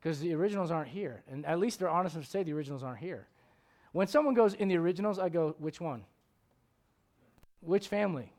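High-voiced preacher, swinging loud and soft. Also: male voice, quick pace. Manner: animated preaching, swings from loud emphatic questions to low quiet asides. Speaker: pastor. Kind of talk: sermon.

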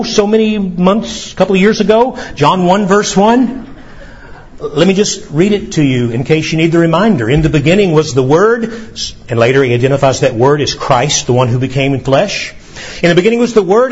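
Male pastor, sermon, lively swooping delivery with dramatic pauses, slightly raised voice, muffled recording. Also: a little high. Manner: animated preaching, dramatic pauses, emphatic scripture reading.

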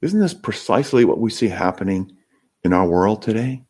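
A man's voice: fairly low pitch, lively intonation, moderate pace, a little mellow. A man preaching a sermon as pastor, earnest and emphatic, lifting his voice when he acts out the crowds. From Canada.

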